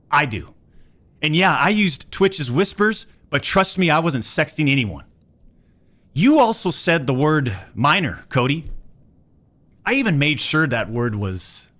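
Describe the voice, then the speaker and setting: A man in his forties giving a livestream statement in a theatrical, confrontational way, using drawn-out dramatic pauses. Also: mid-range voice, fairly bright tone. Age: 40s. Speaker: streamer making a statement.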